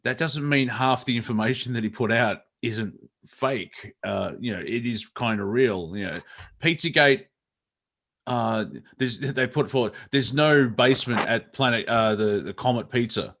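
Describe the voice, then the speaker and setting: A man's voice: medium pitch, measured pace, fairly bright tone. A man riffs loosely on a casual comedy show. He rambles from one thing to the next and laughs his way through his own sentences, in an irreverent, joking way. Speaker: co-host.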